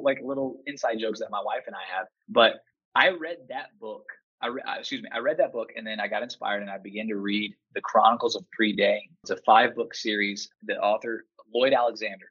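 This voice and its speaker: A man in his thirties tells his stories with a husky, slightly rough edge and plenty of animated emphasis, acting out what others said. The audio is muffled and lo-fi, as if heard over a remote line. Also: lowish voice. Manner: animated, emphatic, acts out quotes. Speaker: podcast guest, teacher and father. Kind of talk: enthusiastic storytelling chat.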